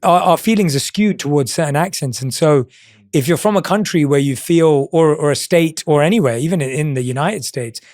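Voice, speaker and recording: A man's voice: on the high side, brisk, darkish tone. A man hosting a podcast interview, asking questions and giving encouraging short replies. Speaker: podcast host.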